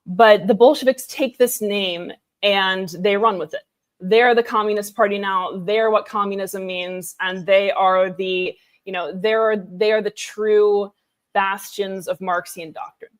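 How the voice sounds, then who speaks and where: A woman's voice: mid-range voice, fairly even intonation, a little slow. A woman co-hosting a casual history podcast, explaining events in a chatty, digressive way with frequent restarts.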